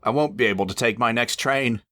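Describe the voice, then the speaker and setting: A man's voice: mid-range voice, fairly quick, pushed and bright, pitched above the performer's own voice, close to an everyday voice. A man voicing a vain, cross big male engine who growls and sulks. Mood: faking ill. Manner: growling and sulky.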